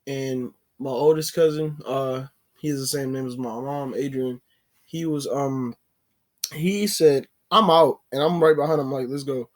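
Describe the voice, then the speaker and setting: A man's voice: mid-range voice, steady tone, a little slow, darkish tone. A man telling a personal story in a casual, rambling way, full of "like" fillers and self-corrections. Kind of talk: casual story-time narration.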